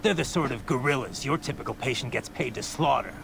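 Raiden, a grim cyborg ninja, growls every line in a gravelly, clipped way. He sounds level and hard, with a noisy game backdrop under his voice. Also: medium pitch, fast talker, fairly bright tone. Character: gruff male cyborg ninja, grim and blunt.

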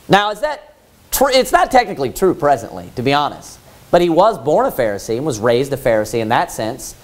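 A man's voice: a little high, big pitch swings, brisk. A man preaching a Baptist sermon in a church, telling the story vividly and asking the congregation rhetorical questions.

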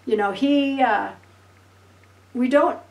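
A woman pastor preaching a sermon, telling Bible stories with lively acted-out voices and laughter. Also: fairly high pitch, takes it slowly, creaky, echoey room, distant mic, muffled recording. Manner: animated storytelling, acting out voices and laughing.

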